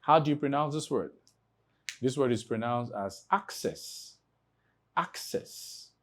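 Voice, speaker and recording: A man from Nigeria teaching an exam prep English lesson, explaining slowly and spelling words out letter by letter. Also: medium pitch. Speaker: English tutor.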